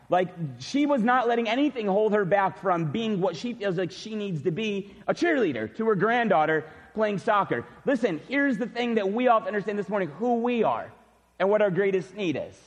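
A middle-aged man preaching a sermon, telling a personal story in an animated way. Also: high voice, big-room sound, muffled recording. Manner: animated storytelling, shouts when acting out cheers. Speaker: pastor. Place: church sanctuary.

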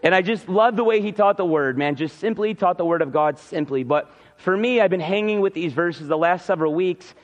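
Man, pastor, sermon, conversational, high voice, muffled lo-fi sound. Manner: conversational, acts out the biblical characters' lines. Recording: reverberant, dull hall sound.

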